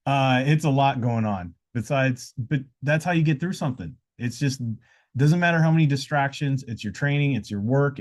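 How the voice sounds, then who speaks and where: A man's voice: medium pitch, a little mellow. A man hosting a casual live podcast, talking in loose, rambling, motivational stretches with frequent "uh"s and restarts. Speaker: podcast host. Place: indoors during a live podcast, with noise around.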